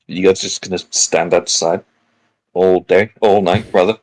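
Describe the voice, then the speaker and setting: A man's voice: sits low, steady tone, a little slow, low-quality recording. A man playing a tabletop game, narrating his character's actions with dry, sarcastic remarks. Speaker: player.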